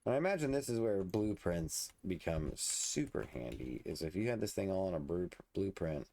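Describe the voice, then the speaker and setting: Let's play host, male, low and gravelly, half to himself, relaxed commentary. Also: normal speed, slight background noise. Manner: muttering, thinking aloud while building. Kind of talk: casual gameplay commentary.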